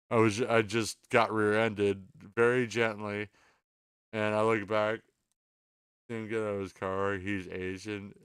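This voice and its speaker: Exhausted and drowsy, this podcast host has a lowish, slightly bright voice that sounds clear and resonant. In a loose late-night conversation he wanders off topic, curses and stumbles over his apologies. The audio is dry and studio-quality.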